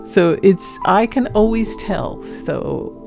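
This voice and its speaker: A woman's voice: medium pitch, animated, takes it slowly, creaky, music in the background. A woman narrating her own home footage in a chatty, rambling way, laughing now and then. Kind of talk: casual voice-over narration.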